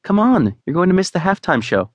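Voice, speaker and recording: A playful young woman with a teasing edge, as a male narrator puts her on. Her voice sits higher and swings lively up and down. The sound is dry and close. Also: fairly quick, no room sound.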